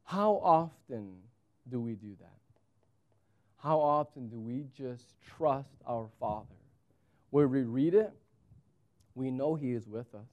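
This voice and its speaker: A man in his thirties, a pastor preaching a sermon with animated storytelling and wide swings in pitch. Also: slow pace, pauses often, highs cut off.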